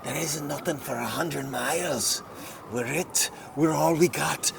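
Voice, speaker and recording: A man's voice: mid-range voice, a little slow, vocal fry, pitched above the performer's own voice. A man voicing a crude, boozy male desert dog who rambles and apologizes a lot, recorded outdoors in a park. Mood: earnest. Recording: outdoor noise with passing traffic.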